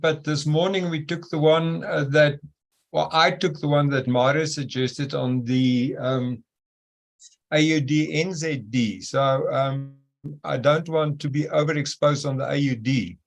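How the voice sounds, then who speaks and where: A man's voice: on the high side, a little slow, gravelly. A man taking part in a trading class on a video call, speaking casually and a little hesitantly. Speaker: student trader.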